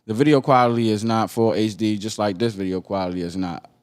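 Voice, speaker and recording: A man with a Baltimore accent hosting a podcast, reacting to a video in animated casual commentary, repeating himself and asking "right?". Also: on the low side, brisk. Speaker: podcast host.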